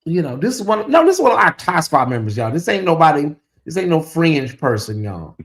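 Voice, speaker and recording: Man, livestream host, fairly high voice, animated, chatty, reads viewer comments. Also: fairly quick. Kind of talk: casual livestream chat, reading viewer comments.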